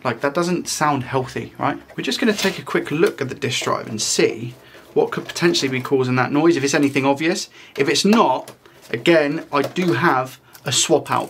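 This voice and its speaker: A man's voice: medium pitch, a bit bright, slight background noise. A young man casually talking viewers through a console repair in a chatty, upbeat way. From United Kingdom. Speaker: tech repair YouTuber.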